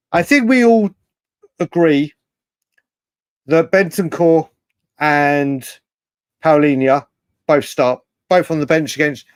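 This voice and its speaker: A man's voice: a little high, dry recording. A man hosting a live fan stream, chatting through viewer comments with a lot of repetition and the odd swear word. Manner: animated, swears, repeats himself often. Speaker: host of a live fan show.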